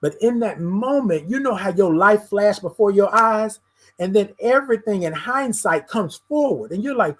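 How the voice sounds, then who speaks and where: A host sharing a candid, personal monologue in a husky, slightly breathy voice at a middling pitch. The talk goes straight to the listeners, often calling them y'all, and stutters through repeated words as the thoughts pour out. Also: lively intonation, normal speed.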